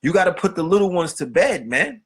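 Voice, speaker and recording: Husky profane man ranting. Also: sits high, very animated, fairly quick, a bit bright. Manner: profane, streetwise, rants with rhetorical questions. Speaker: podcast host. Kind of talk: unscripted monologue.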